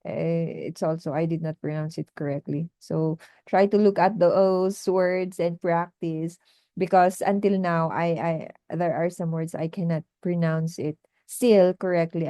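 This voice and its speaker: A woman's voice: on the low side, mellow, no echo. A woman tutor talking through her teaching interview in a casual vlog, hesitant with many fillers and restarts. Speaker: online English tutor.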